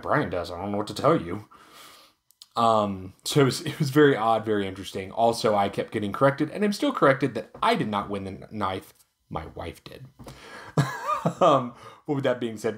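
A man hosting a casual product review vlog, talking in a relaxed, chatty way with frequent ums and uhs. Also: lowish voice. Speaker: knife reviewer and channel host.

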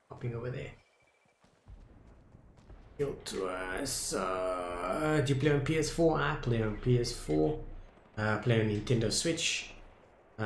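Slow-talking South African game streamer. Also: male voice, on the low side, gravelly, echoey room, slight background noise. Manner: talks to viewers as "dudes" and "boys", swings from muttering to loud dismay. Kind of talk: casual live gameplay commentary.

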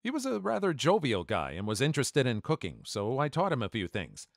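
A man doing scripted story narration in an animated way, acting out the dialogue. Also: mid-range voice, brisk, vocal fry, no echo, studio quality.

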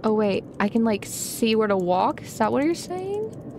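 A young woman streaming a game live, excitable and chatty with her viewers, often gasping and giggling. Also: on the high side, normal speed, a little hiss or hum. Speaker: gaming streamer. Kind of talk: live gameplay commentary.

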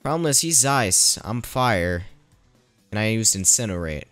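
A man with a lowish, a bit bright voice and lively intonation narrates his playthrough a little slowly, with soft music in the background. In casual let's-play style, he thinks out loud and ribs the characters.

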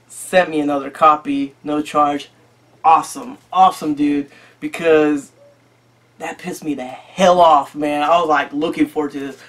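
Man, vlog host, slightly high-pitched, casual, rambling, swears a lot, joking. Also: a bit bright. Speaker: YouTube collector channel host. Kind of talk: casual chat.

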